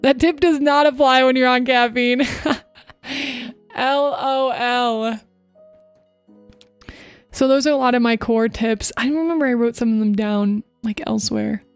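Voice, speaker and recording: A young woman streaming as a VTuber, talking fast and chatty to her chat while giving voice tips. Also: a little high, steady tone, clean tone, dry recording, soft background music. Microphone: close desk microphone.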